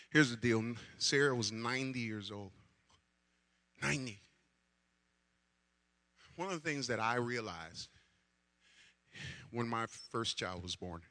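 A man's voice: mid-range voice, sharp tone. A man preaching a sermon as pastor, emphatic, with repeated phrases and rhetorical questions.

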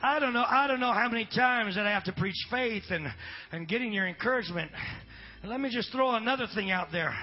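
A middle-aged man preaching a sermon at a church revival, swinging from shouted preaching to chatty storytelling. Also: high-pitched, fairly quick, dull audio. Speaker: pastor.

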